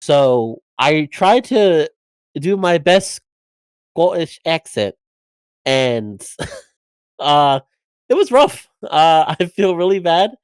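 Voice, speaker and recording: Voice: medium pitch, big pitch swings, extremely slow, long pauses, clean tone, dry recording. A guest voice actor talking hesitantly on a podcast, self-deprecating and full of fillers. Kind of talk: casual roundtable chat.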